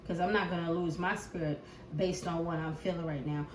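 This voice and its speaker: A woman giving a tarot collective reading as an impassioned, profane rant. She swings from loud outbursts to hushed prayer. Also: lowish voice, steady tone, fairly quick, reverberant, background noise. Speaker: tarot reader.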